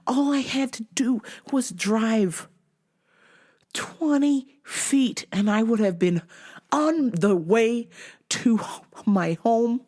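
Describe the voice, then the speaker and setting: Woman vlogger, profane comic storytelling, lively swooping voice, somewhat high. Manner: animated, swears constantly, shouts out quoted lines.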